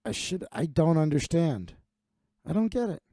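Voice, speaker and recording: A man's voice: fairly high pitch, big pitch swings, normal speed, dark tone, no echo, studio quality. A man hosting his own comedy livestream, rambling and cursing in a casual, self-deprecating monologue. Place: home streaming setup.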